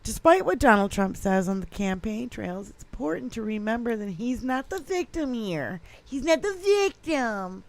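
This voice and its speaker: A woman's voice: mid-range voice, big pitch swings, normal speed, gravelly, few pauses. A woman co-hosting a casual political podcast, ranting heatedly with a lot of swearing. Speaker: podcast co-host.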